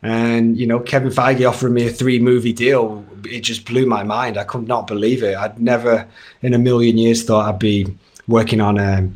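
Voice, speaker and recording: A man's voice: medium pitch, little pitch movement, normal speed, a little mellow. A man in his thirties with a Northern English accent, chatting casually as an actor guest in an interview, with lots of fillers and restarts. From Northern England. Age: 30s.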